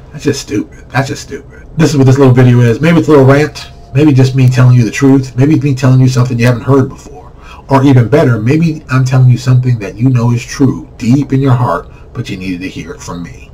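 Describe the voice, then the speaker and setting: A man's voice: medium pitch, a little mellow, recorded from a distance, rough recording. A man hosting his own channel, giving a blunt, ranting talk and mocking the voices of the people he criticizes. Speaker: comic book creator and channel host. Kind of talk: blunt vlog rant.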